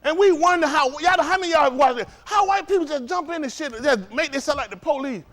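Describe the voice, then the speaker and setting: Fiery, high-voiced man preaching. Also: lively intonation, quick pace, a bit bright. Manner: profane, provocative, rhetorical questions to the room. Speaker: teacher of a religious study group.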